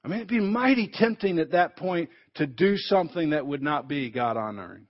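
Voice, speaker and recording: A man's voice: a little high, lively intonation, a little fast. A man preaching a sermon in an emphatic way, building to fervent peaks, heard on a dull, lo-fi recording.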